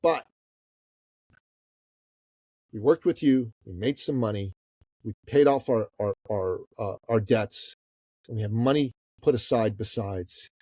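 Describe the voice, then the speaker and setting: A man in his fifties, from Iran, telling a story as a guest on an interview podcast, animated, swearing casually and calling the host "bro". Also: fairly low pitch, measured pace, pauses often, husky, dry recording, clean studio sound. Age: 50s. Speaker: guest, business coach.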